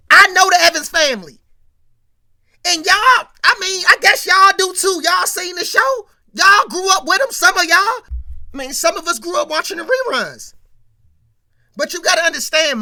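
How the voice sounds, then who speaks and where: A casual show-recap commentator with a bright, forward tone. The delivery is slangy and digressive, addressed straight to the audience. It turns louder and more animated when walking through scenes. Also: extremely high pitch, gravelly.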